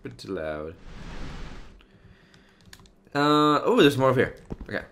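A man's voice: fairly low pitch, sing-song, measured pace, long pauses, noisy background. A man giving casual let's-play commentary as a gaming YouTuber, chatty and rambling as he plays. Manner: rambling, chatty, many fillers and restarts.

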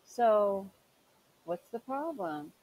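A woman's voice: mid-range voice, very animated, extremely slow, husky, muffled recording. A woman hosting a commentary show, sarcastic and scolding as she mocks the clips she reacts to. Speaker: commentary channel host.

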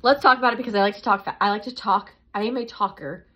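A young woman talks her way through a casual home vlog, chatty and rambling, often circling back to repeat herself. She sounds a little out of breath, her voice bright and pressed. The recording is dull and lo-fi. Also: medium pitch, fast. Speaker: vlogger. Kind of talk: casual pregnancy update vlog.

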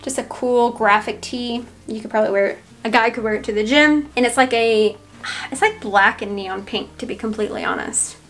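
A woman's voice: fairly high pitch, brisk, fairly bright tone, soft background music. A woman with a Southern US accent chatting casually to camera, thinking aloud with fillers as she goes through a thrift haul. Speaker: reseller showing a thrift haul.

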